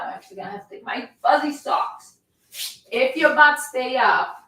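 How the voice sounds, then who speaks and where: A fitness coach, her voice a little high and a bit bright, trembles as she holds a plank during a live workout class. She talks energetically, coaxing her viewers along while demonstrating. The room echoes strongly and she's distant from the mic.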